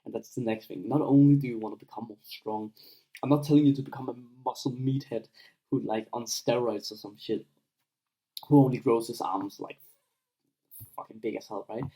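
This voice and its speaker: A man's voice: mid-range voice, fairly even intonation, normal speed, warm tone, low-quality recording. A young man giving blunt, unscripted advice to viewers, full of swearing and fillers, acting out little scenes as he talks. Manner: blunt, profane, filler-heavy, acts out scenes. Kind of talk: casual unscripted advice monologue.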